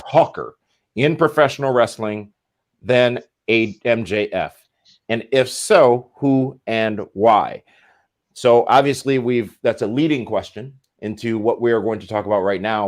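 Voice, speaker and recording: A man hosting a wrestling talk show, moving topics along with jokes and questions to the panel. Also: lowish voice. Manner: joking, steering the discussion. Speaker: show host. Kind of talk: casual panel chat, moderating.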